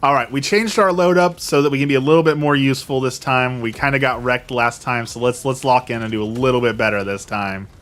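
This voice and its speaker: A man's voice: medium pitch, fairly even intonation, fairly quick, hardly any pauses, a bit bright. A man hosting a gaming video, telling a casual rambling story and repeating his words as he goes. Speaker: gaming channel host. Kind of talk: casual story time over gameplay.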